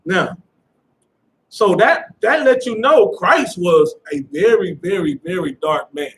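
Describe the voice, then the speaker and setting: A man's voice: sits high, lively intonation, slow, fairly bright tone, poor audio. A man teaching a scripture class in a casual lecturing manner, often checking "you understand?".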